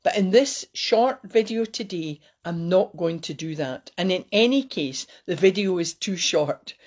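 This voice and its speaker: A woman giving a light, cheeky talk to her viewers and slowing down to recite verse. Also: lowish voice, expressive, a little mellow. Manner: cheeky, playful, slows down to recite. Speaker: host giving a Burns Supper talk. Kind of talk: casual talk with poetry recitation.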